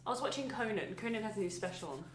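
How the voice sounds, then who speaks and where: A woman's voice: medium pitch, expressive, rapid-fire, slight background noise. A woman with an Australian accent chatting casually to camera, laughing often as she talks. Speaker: office worker sharing opinions. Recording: roomy echo.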